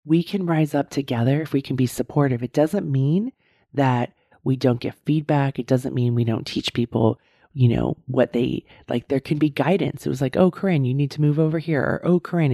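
A woman's voice: very deep voice, dark tone, no echo, clean studio sound. A woman in her fifties talking in a reflective, motivational monologue, earnest and repeating her points for emphasis, often checking in with "right?". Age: 50s.

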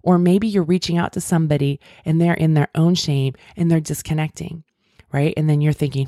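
A woman's voice: deep voice, fairly even intonation, fairly quick, warm tone, no echo, clean studio sound. A middle-aged woman hosting a podcast, talking earnestly and at length in a coaching tone about feelings. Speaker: podcast host. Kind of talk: casual self-help talk.

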